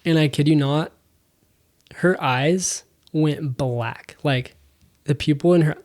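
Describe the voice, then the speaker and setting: A young adult man, a podcast guest, telling a story in a casual, animated way, full of fillers and acted-out dialogue. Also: fairly high pitch, takes it slowly. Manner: animated, acts out quoted dialogue, many fillers.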